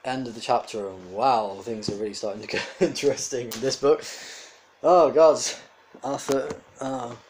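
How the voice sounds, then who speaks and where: A man reading a book aloud on his channel, then chatting to viewers in a friendly, animated way. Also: mid-range voice, brisk, hardly any pauses, a little hiss or hum, poor audio. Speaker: reader and channel host. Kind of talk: storybook reading and casual sign-off.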